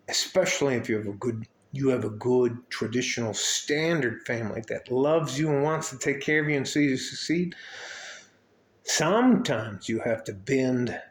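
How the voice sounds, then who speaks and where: An older man speaks straight to the camera at a middle pitch, wandering from point to point with plenty of swearing and a fatherly tone. The room around him is echoey, so his voice bounces back audibly. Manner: rambling, profane, fatherly. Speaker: mentor and coach to young men. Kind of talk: casual vlog talk to camera. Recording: roomy echo.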